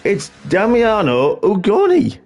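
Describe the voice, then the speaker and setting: A man co-hosting a racing league stream, talking with many pauses and fillers as he announces drivers. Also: high-pitched, wildly swooping pitch, darkish tone. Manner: hesitant, lots of uhs and ums. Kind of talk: live stream chat commentary.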